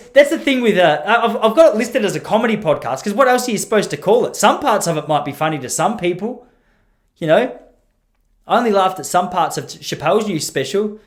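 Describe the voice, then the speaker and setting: A young Australian man hosting a comedy podcast, telling stories in an animated way and acting out the people he quotes. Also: fairly high pitch. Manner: animated, laughing, acts out quoted voices. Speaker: podcast host and teacher. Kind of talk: comedic storytelling monologue.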